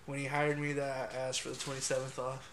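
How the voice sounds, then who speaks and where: A man co-hosting a podcast, talking in an animated, profane, slangy way. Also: mid-range voice, brisk, background noise. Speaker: podcast co-host. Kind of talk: casual chat.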